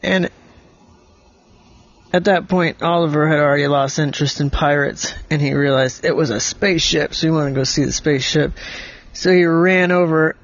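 A man making up a bedtime story for a child, gentle and patient, explaining things simply. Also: on the high side, fairly even intonation, moderate pace, muffled recording.

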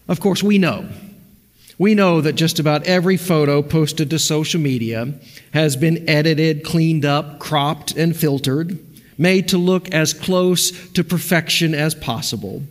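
Male pastor, fairly high voice, expressive sermon delivery, reverberant sanctuary. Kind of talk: sermon with scripture reading. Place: church sanctuary.

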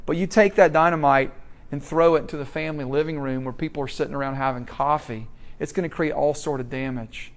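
A man preaching a sermon in a conversational way, asking the congregation questions and moving between quiet and loud. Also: a little high, steady tone, a little fast.

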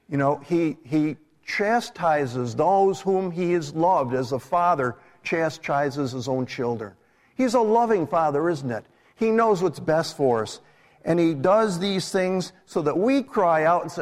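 In a church sanctuary, a middle-aged minister delivers a live sermon in a conversational way, asking his congregation questions. He speaks unhurriedly in a voice on the high side with lively intonation, and the recording has long hall reverb.

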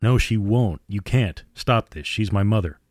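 A man's voice: fairly low pitch, animated, a little slow, no echo, clean studio sound. A man voicing a frightened teenage girl who pleads urgently. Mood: desperate.

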